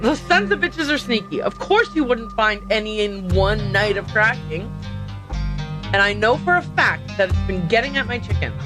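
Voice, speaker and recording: A woman voicing a stubborn, gruff old male hunter who grumbles and curses while reading a game aloud. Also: medium pitch, expressive, normal speed, music in the background, lightly acted. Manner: grumbling, blunt, cursing.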